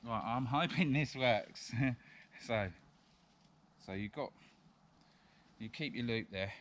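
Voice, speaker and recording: A man's voice: medium pitch, takes it slowly, fairly bright tone. A man, a vlogger chatting casually and rambling a little as he demonstrates bushcraft in the woods. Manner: rambling and chatty, with frequent chuckles. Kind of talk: casual outdoor chat and demonstration. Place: woodland outdoors. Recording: outdoor background noise.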